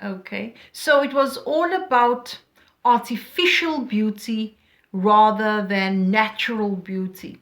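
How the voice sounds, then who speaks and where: A woman with a medium-pitched, slightly bright voice teaches a poetry lesson. She talks slowly and deliberately, reading lines aloud with emphasis.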